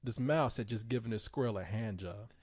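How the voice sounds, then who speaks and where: A man hosting a podcast, telling a crude comic story in a laughing, animated way. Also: fairly low pitch, fairly quick. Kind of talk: casual comedic storytelling. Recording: dull lo-fi recording.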